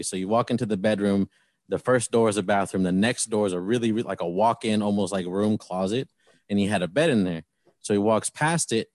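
A man co-hosting a podcast, relaxed and conversational as he tells a story in casual chat. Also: lowish voice, no echo.

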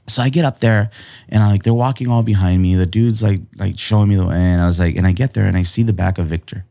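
A man with a fairly low voice tells a story in loose, slangy conversation. He leans on casual words like dude and bro, and his voice jumps high whenever he acts out what other people said. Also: fast, gravelly. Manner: animated, jumps high in pitch when quoting people; slangy, laid-back, says dude and bro a lot. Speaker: guest artist.

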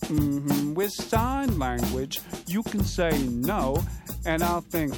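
A bumbling comic who is losing his hearing, half-singing and half-talking through a musical theatre patter song. The delivery is unhurried and swoops widely in pitch. A loud band with drums plays under the whole number. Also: expressive, over loud music. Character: man going deaf, doing comic stand-up song. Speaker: singer in a stage musical. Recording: cast recording over loud band.

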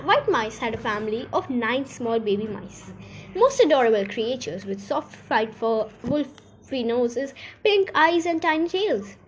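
A woman reading a children's chapter book aloud in a lively, expressive way, with some slips and restarts. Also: sits high, a little hiss or hum. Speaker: audiobook reader.

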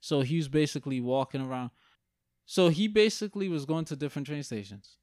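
A young man with a slightly raised voice in casual, profane chat, ranting with real heat. He sounds close to the mic in a dry space with no room echo. His delivery is animated and blunt. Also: a little high, a little fast.

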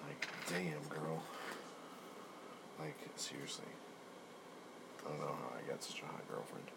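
Low-voiced, slow, playful young man. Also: gravelly, heavy background noise.

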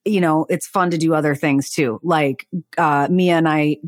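Chatty woman co-host, low and dry. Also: fairly even intonation, dry recording. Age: 40s. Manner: chatty, quick reactions, playful. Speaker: podcast co-host. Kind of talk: casual chat.

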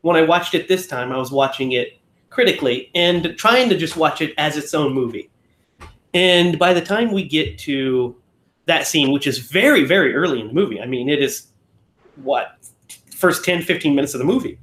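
Man, fairly high voice, casual film-talk co-host, loose and rambling, in a roomy echoey space. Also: animated, normal speed, fairly bright tone. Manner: rambling, self-correcting, often acts out lines. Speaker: podcast co-host.

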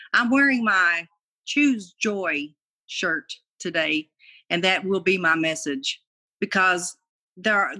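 A woman's voice: medium pitch, sharp tone. An older woman, giving a folksy, chatty devotional talk. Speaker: ministry board member.

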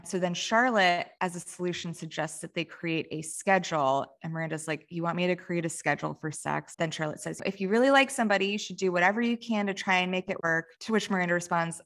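Gravelly-voiced woman recapping a show. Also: lowish voice, fairly bright tone. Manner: chatty retelling, acting out characters' lines in quick asides. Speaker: podcast co-host recapping a TV episode. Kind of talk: casual chat.

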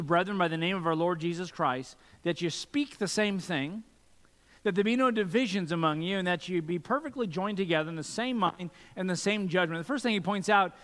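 A man's voice: sits high, a bit bright. A man preaching a sermon as pastor, earnest and asking many rhetorical questions. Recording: long reverb from a church hall.

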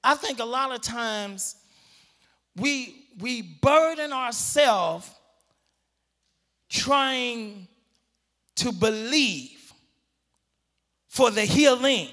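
High, bright-voiced preacher in a reverberant hall. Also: male voice, lively intonation, drawn-out words, long pauses. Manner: stretches words for emphasis and builds to shouts. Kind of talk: sermon.

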